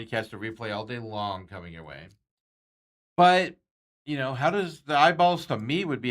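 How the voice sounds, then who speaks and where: A low-voiced man hosts a sports talk show in a loose, conversational way. He rambles, corrects himself mid-sentence and laughs lightly at his own asides. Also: fairly bright tone. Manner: rambling, self-correcting, chuckles often. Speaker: sports radio host.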